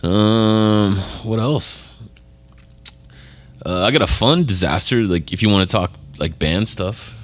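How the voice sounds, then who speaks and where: A man's voice: lowish voice, slow pace. A man co-hosting a podcast in casual chat, blunt and laid-back, swearing freely. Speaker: podcast co-host.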